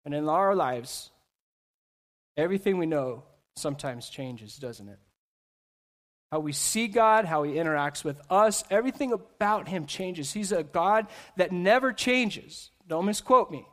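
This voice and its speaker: A man preaching a sermon in church to a seated congregation, animated, acting out quoted voices and breaking into quick asides. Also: fairly high pitch. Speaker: pastor.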